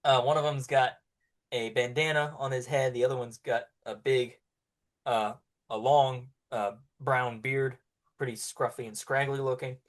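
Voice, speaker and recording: A relaxed man narrating a tabletop game as its game master. He talks loosely, with fillers and easy chuckles, at a middling pitch. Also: a little slow. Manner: casual, laughs often, filler-heavy.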